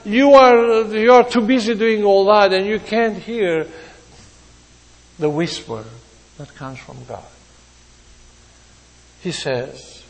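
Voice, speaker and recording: Male preacher mid-sermon, high-pitched, slow and emphatic, voicing the quoted speakers, in a reverberant church hall. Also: gravelly. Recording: long reverb of a large hall.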